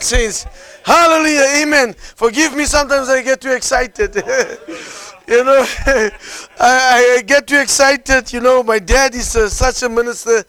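A man preaching a sermon, peppering his phrases with hallelujah and amen, swinging from calm storytelling to fervent shouting. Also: very high voice, measured pace, clear, resonant tone.

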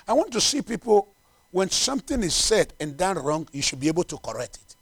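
A man preaching a sermon and leading a prayer, emphatic, swinging between loud declarations and hushed asides, repeating phrases for emphasis. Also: high voice, big pitch swings, a little fast, slightly rough, no room sound.

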